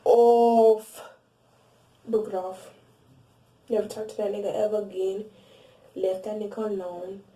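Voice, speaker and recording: A young woman vlogger telling a casual storytime, animated and blunt, swearing freely and restarting her sentences. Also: mid-range voice, normal speed, long pauses, distant mic. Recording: roomy echo, voice set back from the mic.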